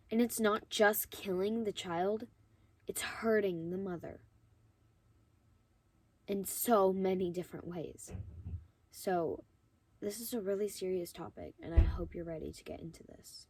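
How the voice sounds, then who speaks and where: A woman speaks straight to camera as the host of her own vlog, her mid-range voice hoarse from a sore throat. She sounds earnest and emotional, pausing and restarting as she goes. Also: mid-range voice, a little mellow, slight background noise. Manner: emotional, earnest, halting with fillers.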